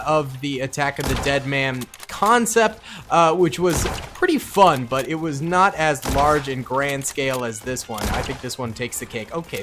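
A man hosting a gaming channel, giving hyped, slangy gameplay commentary with loud excited outbursts. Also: on the high side, background noise. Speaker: gaming YouTuber host.

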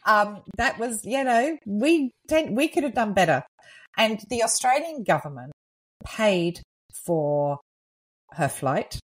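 A woman co-hosting a podcast in casual, animated chat, laughing often. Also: mid-range voice, slow, rough recording. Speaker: podcast co-host, medium.

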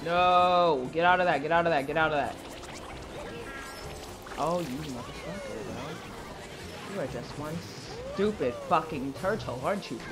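A woman's voice: low-pitched, a little slow, pauses often, over music. A young woman giving live commentary on her own racing game play, swearing, stammering and breaking into frustrated outbursts. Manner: stammering restarts. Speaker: gaming video creator.

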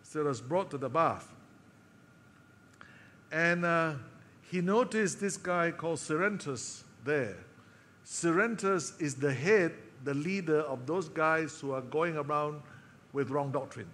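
A man preaching a sermon, telling a story with emotional pauses and dropping to a soft voice for quoted lines. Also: fairly high pitch, long reverb tail. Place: church hall.

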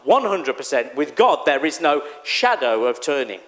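A man preaching a sermon in a church, animated and exclamatory, acting out the voices he quotes. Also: on the high side, moderate pace. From England. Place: church hall.

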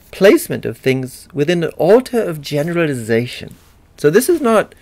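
American male lecturer, gravelly, rambling with fillers, dry close sound. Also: medium pitch, a little mellow, no room sound. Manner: digressive, halting, with many fillers. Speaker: literature lecturer. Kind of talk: recorded university lecture.

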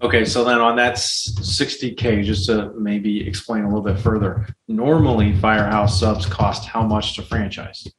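A man's voice: lowish voice, fairly even intonation, moderate pace, hardly any pauses, reverberant, poor audio. A man hosting an interview, asking short prompts and follow-up questions. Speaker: podcast interviewer.

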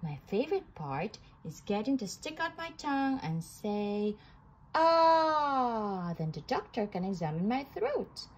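A woman voicing a big, friendly male giant in a storybook read-aloud, booming and jolly. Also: sing-song, normal speed, few pauses, a little mellow, breathy edge, rough recording.

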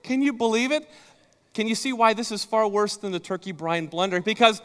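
A man preaching a sermon, telling a story at his own expense in an animated way and speaking straight to the congregation. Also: high-pitched, brisk, smooth, long reverb tail. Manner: animated, self-deprecating storyteller who talks to the congregation. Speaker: pastor. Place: church sanctuary.

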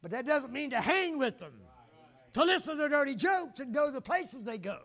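An older male preacher delivers a fervent sermon in a high, gravelly voice. He swings from loud exhortation down to quiet, hushed asides. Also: very animated, normal speed. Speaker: pastor.

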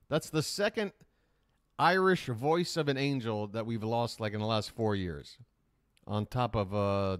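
A man's voice: mid-range voice, no echo, clean studio sound. A man hosting a live reaction stream, rambling in casual, profane commentary.

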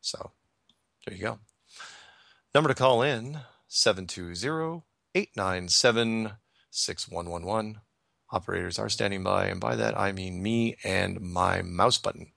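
A man's voice: deep voice, unhurried, vocal fry, bright, forceful tone, no echo, clean studio sound. A man hosting a call-in radio show, talking casually and rambling as he corrects himself and reads listener emails aloud.

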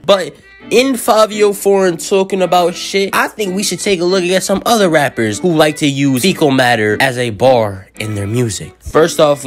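A young man hosting his own music commentary channel, ranting in a loud, exasperated, profane and slangy way. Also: medium pitch. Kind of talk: comedic rant commentary.

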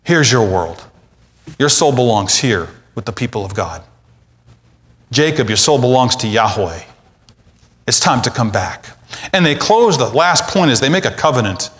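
A man's voice: medium pitch, fairly bright tone. A male pastor preaching a sermon with passion, acting out quoted lines as he goes.

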